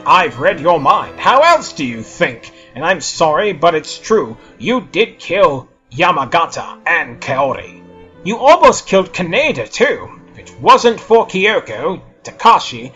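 A man voicing a blunt, wisecracking tough guy of about forty in a storybook reading. The voice sits high and lively, with a bright tone. The recording is dull and lo-fi, with faint music behind it. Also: measured pace, exaggerated voice.

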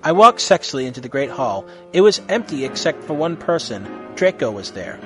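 A man reads a story aloud in a mock-serious, expressive style. His voice is fairly high, and faint music plays underneath. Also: brisk. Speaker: reader. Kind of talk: dramatic reading of a story.

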